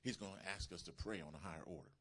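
A man preaching a sermon as pastor, emphatic and calling out to his congregation, building to shouts. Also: low voice, rapid-fire, slightly rough. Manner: calls to the congregation.

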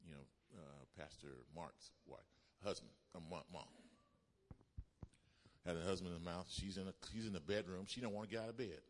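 A man preaching a sermon as pastor, swinging between loud exhortation and low, quiet passages. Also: normal speed, slight background noise. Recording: long hall reverb.

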